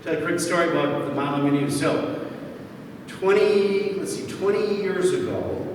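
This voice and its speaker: A man's voice: sits high, moderate pace. A man in his sixties, a priest, telling jokey stories to an audience and acting out the dialogue, recorded from far off in a large hall. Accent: Milwaukee, Wisconsin. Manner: jokey, animated storyteller who acts out dialogue. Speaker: priest, panel speaker. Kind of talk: storytelling talk to an audience. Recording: echoey hall from far off, noisy.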